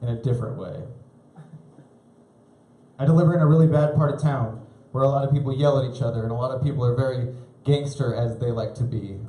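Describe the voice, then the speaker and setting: A young man doing a live stand-up set, rambling and laughing at his own stories, jumping into high shouty voices for the people he quotes. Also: fast. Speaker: stand-up comedian. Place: live comedy club stage. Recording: roomy club sound.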